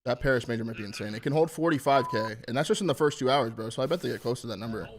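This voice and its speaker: A man hosting a live watch party stream, talking casually and excitedly to his chat and swearing freely. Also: mid-range voice, very fast, a crowd in the background. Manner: profane, hyped, talks to chat.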